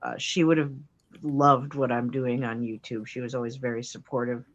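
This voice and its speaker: A woman's voice: very deep voice, moderate pace, lo-fi sound. A woman telling a playful anecdote about her mother, acting out the voices of the people in it. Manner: playful, lively storyteller who acts out voices. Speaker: guest storyteller. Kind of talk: animated anecdote.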